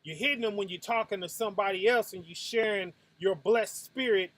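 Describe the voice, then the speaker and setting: Brisk and recorded with no room sound, a preacher leads a Sabbath night talk as the host, sermonizing casually and conversationally. Between frequent "right?" check-ins, he goes quiet and low before exploding into loud punching sound effects.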